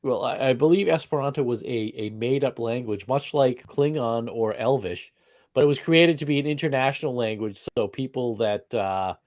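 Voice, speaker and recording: A man's voice: medium pitch, normal speed, darkish tone, dry recording. A man hosting a casual podcast chat, rambling and repeating himself as he goes. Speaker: podcast host.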